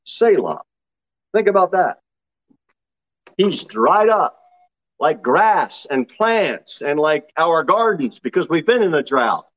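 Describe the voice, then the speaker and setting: Pastor preaching a sermon. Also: male voice, very animated, slow, pauses often. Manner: preaches with sudden loud high-pitched mock quotes. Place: church sanctuary. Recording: slightly dull lo-fi sermon recording.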